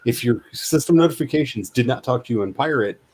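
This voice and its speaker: A man's voice: mid-range voice, animated, quick pace, darkish tone, husky, rough recording. A man hosting a live stream in casual chat, rambling and restarting his sentences as he tells a story. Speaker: stream host.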